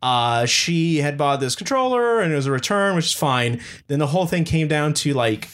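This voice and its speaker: A man's voice: a little high, normal speed. A man in casual chat, telling a rambling, profane story from his retail job and acting out what people said. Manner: rambling, profane, quotes people in lively voices.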